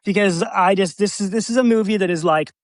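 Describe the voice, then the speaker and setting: A man co-hosting a casual movie podcast. He laughs often and acts out quoted lines in animated voices. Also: high voice, brisk, no room sound. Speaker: podcast co-host.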